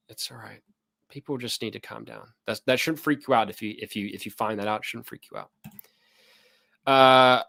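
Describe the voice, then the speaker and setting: A man's voice: on the low side, a bit bright. A man from New hosts a casual livestream. He chats loosely and jokes as he reads out viewer comments, with lots of fillers and restarts. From New Zealand. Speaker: host.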